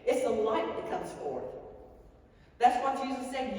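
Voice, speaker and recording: A woman's voice: fairly high pitch, measured pace, darkish tone. Woman pastor, sermon, earnest rambling storytelling, echoey church hall, mic far off. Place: church sanctuary.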